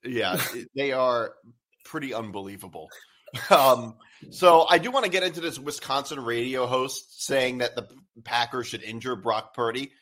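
A young man co-hosting a sports podcast, easygoing and a bit halting as he talks. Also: medium pitch, fairly bright tone. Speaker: podcast co-host. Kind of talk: casual chat.

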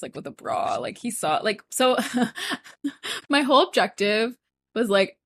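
This woman co-hosts a podcast, chatting casually and rambling with plenty of "like" fillers. Her voice is lowish, with no echo and studio-quality sound.

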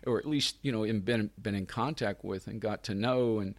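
This film writer-director, a middle-aged man, speaks at normal speed in a fairly low voice, recorded dry. Swapping anecdotes in a laid-back interview, he laughs a lot and performs the lines of the people in his stories with plenty of energy.

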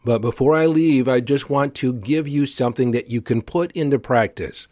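An earnest man hosting a motivational podcast, coaching his listeners with emphatic conviction. His voice sits at an ordinary middle pitch and is recorded close and dry, with no room around it. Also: moderate pace, darkish tone, no echo. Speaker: podcast host. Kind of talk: motivational solo talk.

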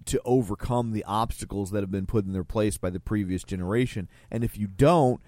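A man talking casually about a film, halting and earnest, often restarting his sentences. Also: fairly low pitch, darkish tone, dry recording.

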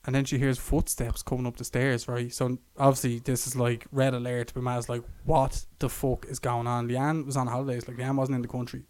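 Young Irish man, podcast co-host, chatty storyteller, swears freely, mid-pitched voice. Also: level tone, a little fast, hardly any pauses, darkish tone, dry recording. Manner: swearing, laughing, acts out quotes in a raised voice. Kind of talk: casual chat, storytelling.

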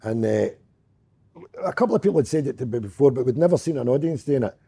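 Scottish guy telling stories, gruff and sweary, gravelly husky voice, lively up and down. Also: medium pitch, quick pace. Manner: gruff, swears a lot, mock-snappy. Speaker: guest comedian. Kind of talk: casual chat, telling stories.

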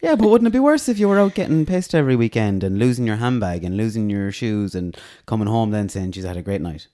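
A man's voice: on the low side, big pitch swings, fast, dark tone. A man, hosting a casual podcast chat and teasing his guest with jokes. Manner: teasing, jokey. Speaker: podcast host.

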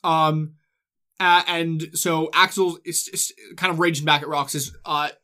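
Give me a man with a slightly high voice, hosting a relaxed podcast and quickly retelling a story. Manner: quick, loose retelling with fillers and swearing. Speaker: host. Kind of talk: casual chat, recapping a game story.

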